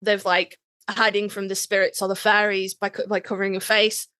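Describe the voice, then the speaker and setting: A woman's voice: mid-range voice, level tone, fairly quick, pushed and bright, clear, resonant tone. A woman co-hosting a podcast, chatting casually as she retells a TV episode, swearing freely and acting out the characters' lines. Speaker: podcast co-host. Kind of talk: casual chat recapping a TV episode. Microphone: online voice chat.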